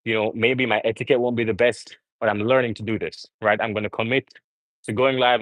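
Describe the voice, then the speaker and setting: Man, young adult, low voice, casual live-stream chat, rambling, earnest, gym, dry sound. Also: little pitch movement, quick pace, a bit bright, no echo, low-quality recording. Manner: rambling, earnest, talks to viewers directly. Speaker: vlogger livestreaming from the gym.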